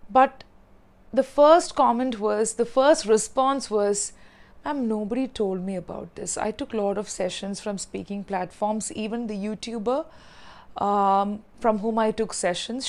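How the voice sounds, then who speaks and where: A woman's voice: medium pitch, darkish tone. A woman with an Indian English accent, an English communication coach patiently telling a lesson story about a learner. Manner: explains patiently, recounts learner's words in quotes.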